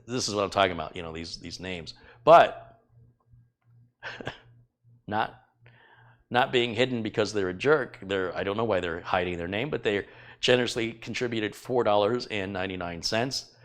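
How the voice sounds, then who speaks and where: A middle-aged man with a fairly low voice, talking casually to a live audience from his kitchen. He rambles with fillers and gently teases viewers as he thanks them. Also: moderate pace, pauses often. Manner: chatty, teasing, rambling with fillers. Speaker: tech YouTuber hosting a live stream. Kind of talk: casual live-stream chat reading donations. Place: home kitchen.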